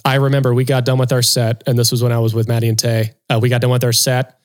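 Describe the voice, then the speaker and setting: Man, podcast co-host, drummer, storytelling, animated, casual. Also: fast. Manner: animated storyteller, acts out quotes in a higher voice.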